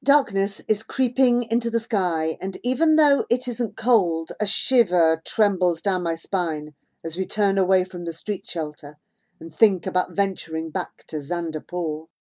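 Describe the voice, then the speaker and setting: A woman narrating an audiobook in an expressive, unhurried storytelling manner. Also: lowish voice. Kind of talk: audiobook reading.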